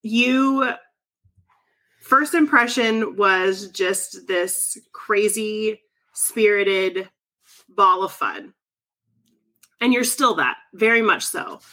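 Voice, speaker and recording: A woman's voice: medium pitch, very slow, long pauses, sharp tone. A woman co-hosting a podcast in casual chat, effusive and laughing often, swearing freely. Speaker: podcast co-host.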